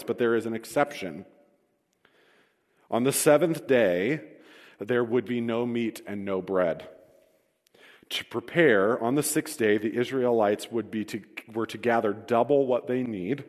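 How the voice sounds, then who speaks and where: Male pastor, vivid storytelling sermon, wry humor, mid-pitched voice, long hall echo. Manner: storytelling, self-deprecating humor, reads scripture aloud.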